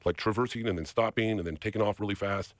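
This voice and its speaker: A man's voice: on the low side, fast, dry recording, studio quality. A man, a podcast guest, telling a long story with energy and acting out other people's lines in quotes. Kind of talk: animated storytelling.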